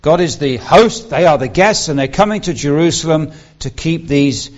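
A man's voice: on the high side, animated, moderate pace, highs cut off. A man preaching a Bible-teaching sermon, explaining earnestly and stressing key words.

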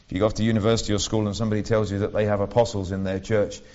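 A man's voice: on the low side, flat delivery, racing, darkish tone. A man preaching a sermon in a conversational way, with wry asides and frequent restarts. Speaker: lay preacher. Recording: dull lo-fi recording.

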